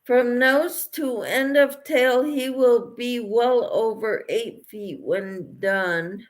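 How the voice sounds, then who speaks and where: A woman's voice: on the high side, takes it slowly. A woman hosting a casual crochet livestream, reading viewer comments aloud and answering them, tired late at night.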